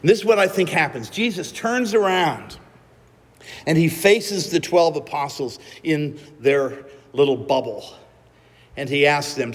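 A man preaching a sermon, telling the story slowly and dramatically with acted-out quotes. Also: a little high, animated, slightly rough, big-room sound.

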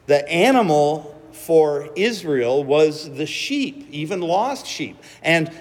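A man preaching a sermon, telling the story slowly and dramatically with acted-out quotes. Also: on the high side, animated, long reverb tail.

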